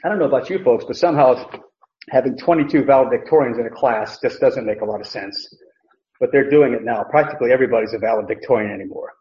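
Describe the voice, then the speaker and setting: A man's voice: mid-range voice, quick pace. A man teaching an expository Bible sermon, emphatic, and often repeating phrases. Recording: roomy, dull lo-fi sound.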